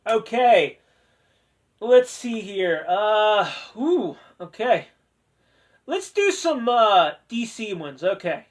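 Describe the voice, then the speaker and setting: A man's voice: sits high, very animated, slow. A man hosting a casual discussion, chatty and joking with playful sarcasm, turning sincere and sentimental when speaking of family. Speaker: host of a discussion video. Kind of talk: casual chat.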